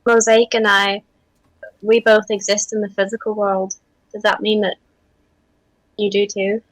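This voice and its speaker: A woman's voice: medium pitch, flat delivery, measured pace, dry recording, poor audio. A woman playing a tabletop game, speaking in a wry, playful way as her character. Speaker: player.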